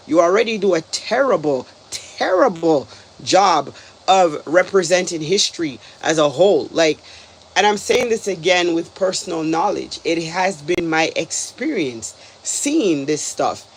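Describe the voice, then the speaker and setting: A man's voice: on the high side, animated, a little slow, a little hiss or hum. A man from Canada talking casually as a reaction video host, exasperated and rambling, with lots of "like"s. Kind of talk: casual commentary.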